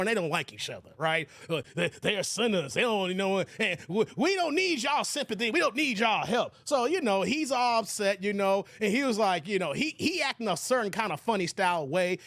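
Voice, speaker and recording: A man hosting a live stream in a casual commentary style, reading out viewer chat and reacting loudly. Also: high-pitched, dry recording, clean studio sound. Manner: animated, exclamatory, reads viewer chat aloud.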